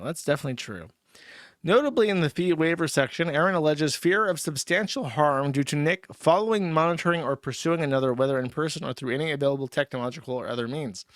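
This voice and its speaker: A man with a slightly higher voice riffs through crude, sardonic livestream commentary, a little tipsy and rambling. The sound is close and dry, with no room around it. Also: fairly bright tone, no room sound. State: tipsy from drinking. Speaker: streamer host.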